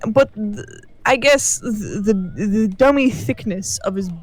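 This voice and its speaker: A woman's voice: a little high, unhurried, no room sound. A young woman co-hosting a gaming channel, telling a story over gameplay with lots of laughter and swearing. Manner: animated, laughing storyteller who swears freely.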